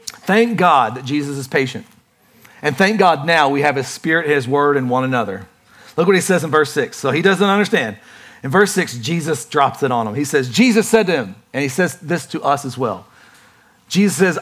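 Male pastor, slightly higher voice, chatty lively sermon delivery with playful acted-out bits. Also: fairly quick.

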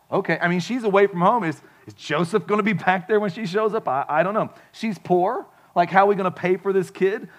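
A man's voice: on the high side, a bit bright. A man preaching a sermon as pastor, in a casual, conversational way with frequent asides to the congregation.

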